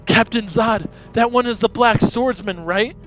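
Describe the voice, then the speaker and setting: A man's voice: very high-pitched, measured pace, a bit bright. A man reading the lines of a bloodthirsty male demon soldier in an eager, hungry way, on dull lo-fi audio. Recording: dull lo-fi audio, faint music.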